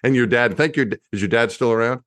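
A man in his fifties, a former astronaut, telling lively anecdotes as an interview guest, often restarting his sentences. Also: medium pitch, fast, no echo. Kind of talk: storytelling interview.

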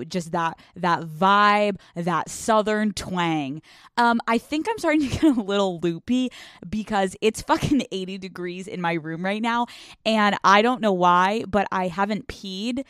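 A woman hosts a casual solo podcast from her bedroom. She chats candidly and rambles, swears freely and laughs often. Her voice sits mid-pitch in a dry, close recording. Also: clean tone, dry recording. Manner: chatty, candid and profane, with a giggly, rambling delivery. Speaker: podcast host.

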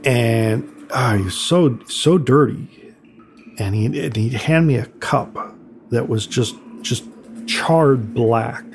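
An older man, a graffiti artist telling stories from his career in a relaxed, conversational way. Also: slow pace, vocal fry. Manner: conversational, acts out quotes with raised pitch. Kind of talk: reflective storytelling. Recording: soft music underneath.

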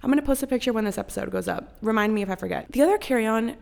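Profane, animated woman with vocal fry. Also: fairly high pitch, very fast. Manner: profane and animated, acts out others' voices. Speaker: podcast host. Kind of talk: casual storytelling chat.

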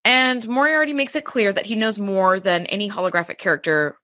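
A woman's voice: medium pitch, brisk, sharp tone, dry recording, clean studio sound. A woman co-hosting a podcast, chatting casually and animatedly, acting out lines and laughing often. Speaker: podcast co-host. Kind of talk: casual recap chat.

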